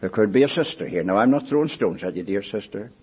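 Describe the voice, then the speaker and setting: Husky older preacher, earnest and pleading. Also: male voice, lively intonation, fast talker. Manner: earnest, pleading, rises and falls in pitch and loudness. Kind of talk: sermon. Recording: dull lo-fi recording.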